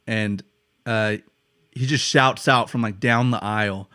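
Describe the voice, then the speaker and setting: A man's voice: medium pitch, unhurried, long pauses, pushed and bright, dry recording, studio quality. An American man hosting a podcast, telling stories casually, swearing freely and laughing often. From United States. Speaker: podcast host. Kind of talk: casual storytelling chat.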